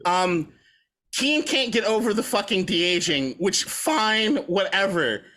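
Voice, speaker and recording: Give me a high-voiced man co-hosting a podcast, swearing freely in a loose movie debate. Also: lively intonation, slow, pushed and bright. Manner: profane, rambling opinions with laughs. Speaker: podcast co-host.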